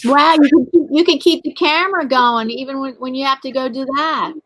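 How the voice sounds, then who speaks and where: High-voiced chatty woman livestream host. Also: fairly quick, fairly bright tone, dry recording, poor audio. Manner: chatty, greets viewers by name. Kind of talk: casual live chat.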